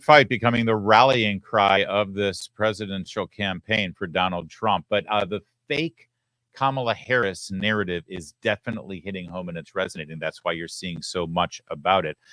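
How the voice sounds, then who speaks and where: A man's voice: deep voice, normal speed, sharp tone, no room sound, rough recording. A male show host giving punchy, emphatic political commentary.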